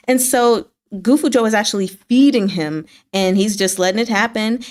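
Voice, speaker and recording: Animated woman recapping a novel. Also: mid-range voice. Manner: animated retelling, acts out character lines, laughs often. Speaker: book club host. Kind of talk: casual book recap chat.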